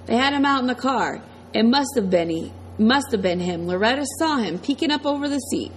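A jittery bearded accomplice, talking fast and pleading to save himself, as a woman reads him. The voice is raised and high, with a faint hiss behind it. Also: expressive, lightly acted. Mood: nervous.

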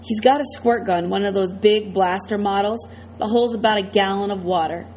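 A woman's voice: mid-range voice, steady tone, fairly quick, a little mellow, a little hiss or hum, poor audio. A woman reading a first-person novel aloud as audiobook narrator, in a tense, dramatic way.

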